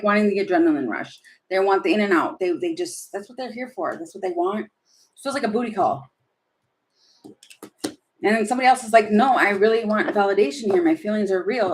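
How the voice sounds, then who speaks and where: A woman doing a casual live tarot reading, chatty and opinionated, rambling with many fillers and asides. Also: on the high side. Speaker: tarot reader.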